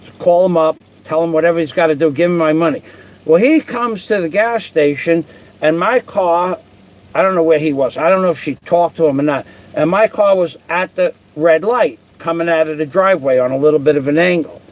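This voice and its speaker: An older man with a fairly high voice tells a long story in casual, blunt terms. He curses freely and keeps restarting his sentences as he rambles on. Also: a little fast.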